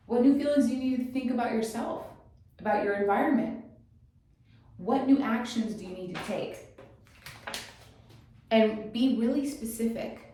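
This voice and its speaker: A woman's voice: medium pitch, dark tone. A woman giving a motivational teaching talk, encouraging and full of rhetorical questions, often checking in with "okay?". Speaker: motivational coach. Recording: very echoey room, distant mic.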